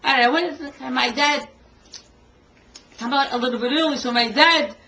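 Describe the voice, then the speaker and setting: An older woman, a singer, telling a story from her early career in an interview. She is a lively storyteller who acts out what people said and laughs often. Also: high voice, normal speed, rough recording. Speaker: singer and tribute artist to a famous singer.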